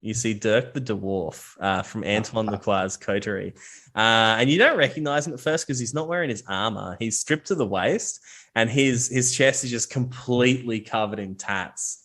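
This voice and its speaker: A man's voice: on the low side, normal speed, fairly bright tone. Casual male game master narrating. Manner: casual, swears, many fillers and restarts.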